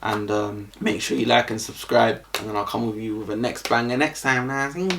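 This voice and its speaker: A man's voice: mid-range voice, steady tone, normal speed, creaky, noisy background. A young man with a London accent, telling a casual storytime vlog in a slangy, rambling way full of fillers. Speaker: vlogger.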